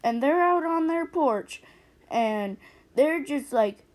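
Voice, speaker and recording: A woman telling a personal story in a casual storytime narration, animated and acting out the quotes. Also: sits high, slow pace.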